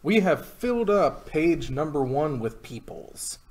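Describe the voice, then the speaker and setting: A man's voice: fairly high pitch, very animated, unhurried, darkish tone. A man giving casual live commentary on a card game stream, chatty and rambling with many fillers and jokey asides. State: has the hiccups.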